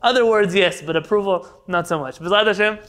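A man's voice: high voice, brisk, fairly bright tone. A man teaching a Torah class as a lecture, telling stories with energy and sprinkling Hebrew terms into his English. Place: United States.

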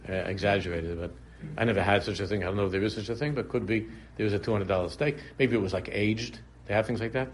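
Speaking fast in a fairly low voice, a Torah teacher gives a relaxed religious lesson with slight background noise. His delivery is conversational, with repeated phrases and tangents into humorous illustrations.

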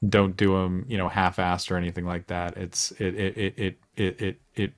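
Low-voiced man hosting a podcast. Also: flat delivery. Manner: halting, many restarts and fillers. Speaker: podcast host. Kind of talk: casual interview chat.

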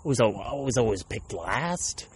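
A man's voice: fairly low pitch, expressive, moderate pace, a little hiss or hum. A man in his thirties, a stand-up comedian hosting his podcast, rambling through a comic monologue in a self-described aggressive tone, often correcting himself. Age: 30s.

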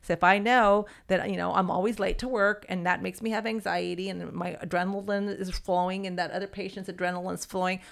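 A woman's voice: fairly low pitch, fairly even intonation, brisk, vocal fry, hardly any pauses. A woman therapist explaining her ideas in conversation, acting out other people's voices in the quotes she tells and often checking in with "right?". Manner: acts out quoted voices, tags sentences with "right?".

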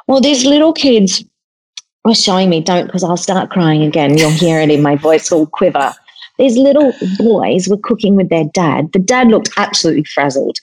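A woman chatting as a podcast guest over a video call. Her voice is mellow and warm, and she tells stories in an expressive, chatty way. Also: fairly low pitch, moderate pace, slightly rough, poor audio. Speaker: guest cook and author.

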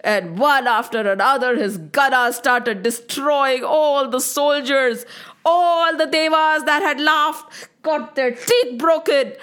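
A woman telling an old myth in an expressive, exclaiming storyteller style. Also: high voice.

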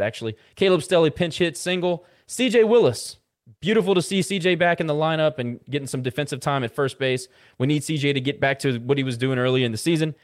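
A man co-hosting a sports podcast, casually running through baseball box scores with lots of "uh" fillers. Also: medium pitch. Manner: rattles off baseball stats with filler "uh"s. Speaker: podcast co-host.

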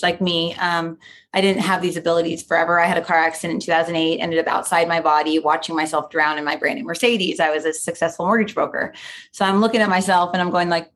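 Lowish-voiced woman rambling through her story, like, you know, lots of quoting. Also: little pitch movement, fast, fairly bright tone. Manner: chatty, lots of "like" and "you know", acts out quotes. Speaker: guest. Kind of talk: storytelling in a casual interview.

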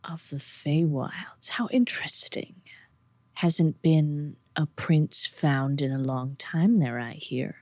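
A sly demon lord with a low, slow, half-whispered voice, put on by a woman running the game. The words drag and curl with snide interest, close and dry on the mic. It is a tabletop game voice, not a staged drama. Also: a little mellow, no room sound.

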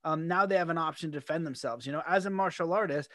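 Man from canada, fairly high voice, rambling and animated, casual chat, dry close sound. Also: quick pace, dry recording. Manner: rambling, animated, laughs often. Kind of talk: casual podcast conversation.

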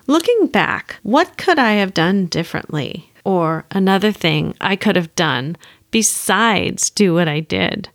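A woman's voice: mid-range voice, expressive, unhurried, no room sound, studio quality. A woman counselor telling a candid personal story and reflecting on what she could have done differently.

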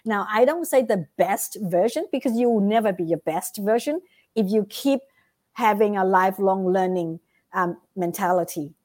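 Mellow-voiced woman giving advice. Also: medium pitch, normal speed. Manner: recaps points in numbered lists. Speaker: guest. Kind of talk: podcast interview, motivational advice.

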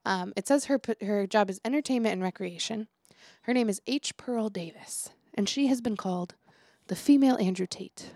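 Chatty woman with a gravelly voice. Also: mid-range voice, moderate pace, a little mellow, dry recording, studio quality. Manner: chatty storyteller, acts out quotes, laughs often. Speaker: podcast co-host and teacher. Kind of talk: casual podcast chat.

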